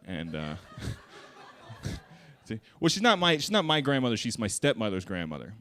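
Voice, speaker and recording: A man's voice: lowish voice, wildly swooping pitch, normal speed, a bit bright. A man doing a stand-up comedy set on a theater stage, crude and profane, acting out little voices in his bits.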